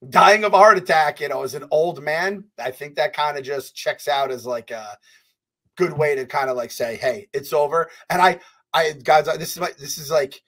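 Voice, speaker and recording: A man co-hosting a podcast in casual chat, excitable and rambling, swearing freely with lots of fillers. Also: fairly high pitch, moderate pace. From US Northeast. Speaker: podcast co-host.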